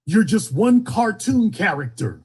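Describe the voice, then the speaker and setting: A man's voice: high voice, very animated, unhurried, darkish tone, slightly rough. A man hosting a political call-in show, talking in a fiery, emphatic way and hammering his points home with repetition.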